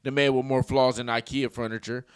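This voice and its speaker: A man's voice: medium pitch, level tone, brisk, smooth, dry recording. A man hosting a casual reaction video, joking crudely and rambling as he comments on clips.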